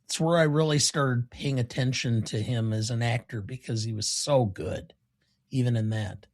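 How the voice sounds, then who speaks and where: A man's voice: mid-range voice, moderate pace. Older man reminiscing on a podcast. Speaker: podcast co-host. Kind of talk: casual podcast chat.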